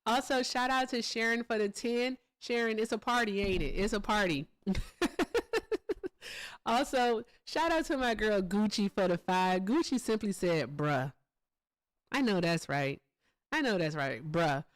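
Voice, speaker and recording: A woman hosting a live stream in a loose, chatty manner, with frequent laughter and casual swearing. Her voice sits at an ordinary middle pitch. The sound is dry and close, with almost no room echo. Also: animated, a little slow. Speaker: livestream host. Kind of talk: casual live-stream chat, thanking donors.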